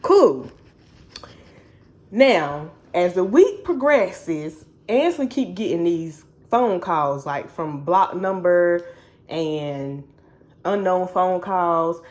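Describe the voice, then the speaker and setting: Animated woman recapping a book. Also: on the low side, very slow. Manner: animated, chatty storytelling with slang. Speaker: book reviewer.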